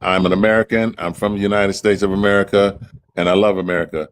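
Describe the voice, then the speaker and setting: A man in his sixties from Chicago, a caller in a live-stream debate who speaks calmly and steadily in a deep, radio-like voice. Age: 60s. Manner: calm, measured, deep radio-like voice.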